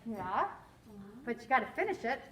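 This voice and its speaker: A woman's voice: on the high side, big pitch swings, normal speed, a bit bright, a little hiss or hum. A woman teacher reading a picture book aloud to her class, playful and encouraging, savoring fun words. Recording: roomy classroom echo.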